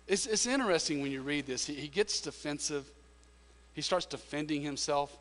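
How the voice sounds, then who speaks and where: A male pastor preaching a Bible sermon in an earnest, emphatic way, often repeating words as he searches for them. His voice sits at a middle pitch. Long reverb trails after each phrase. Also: fairly bright tone.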